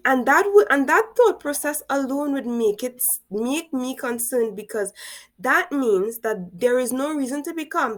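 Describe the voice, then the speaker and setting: A woman with a Caribbean accent, commenting on a story as a reaction video host, with incredulous rhetorical questions. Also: on the high side. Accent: Caribbean English.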